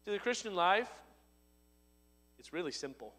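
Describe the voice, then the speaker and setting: A man preaching a sermon, his voice swelling to loud emphatic lines and dropping low and soft. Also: very animated, moderate pace, big-room sound. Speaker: pastor.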